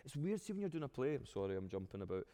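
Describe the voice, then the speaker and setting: Here the Glaswegian actor talks very fast in a mid-range voice, animated as he answers interview questions and keeps restarting sentences. A long reverb tail trails his words.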